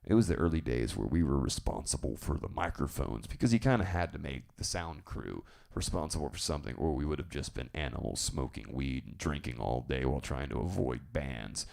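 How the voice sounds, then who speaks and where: A man hosting a live stream, chatting casually and telling rambling, animated stories. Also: rumbling low, a little fast, gravelly, few pauses. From southern United States. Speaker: live-stream show host.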